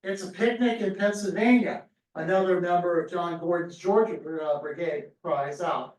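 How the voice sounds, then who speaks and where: A high-voiced man tells history as a lively story in a lecture room. He sounds set back from the mic, and the room echoes around him. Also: normal speed, far from the mic. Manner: storytelling, acts out crowd cries. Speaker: history speaker.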